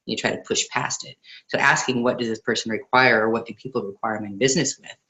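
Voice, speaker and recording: A woman co-hosting an online book club discussion, chatty and quick to laugh. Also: very deep voice, fairly even intonation, fairly bright tone, rough recording. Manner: chatty, laughs often, quotes others in voices.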